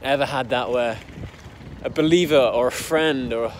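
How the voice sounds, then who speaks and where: A man's voice: mid-range voice, moderate pace, slight background noise. A young man from the English Midlands telling his own backstory in a casual, rambling way, full of fillers and heated swearing. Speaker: entrepreneur telling his story. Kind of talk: casual personal storytelling.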